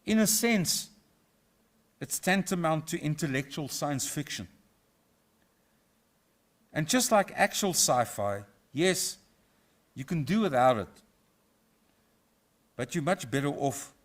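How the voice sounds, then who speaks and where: A middle-aged professor from South Africa, giving a formal inaugural lecture in a measured, reflective way with a touch of humour. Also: male voice, a little high, sing-song. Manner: measured, reflective, lightly humorous. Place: university auditorium.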